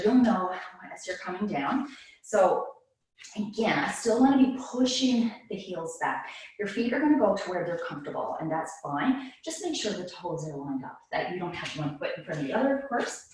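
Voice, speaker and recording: A woman teaching a guided yoga class, calmly cueing breaths while moving and a little out of breath. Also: fairly low pitch, normal speed, a little hiss or hum. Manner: calm, cueing breaths while doing the moves herself. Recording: very echoey room, mic at a distance.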